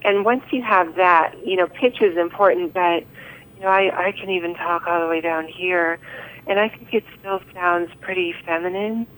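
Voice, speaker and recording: A woman guest in a casual interview, who pauses and repeats words while she thinks, heard over a thin phone line. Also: on the low side, fairly bright tone.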